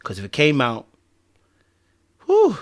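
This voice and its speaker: A man's voice: medium pitch, brisk, a bit bright. A man hosting a podcast in casual chat, rambling and checking in with "okay?" and "you know what I mean". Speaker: podcast host.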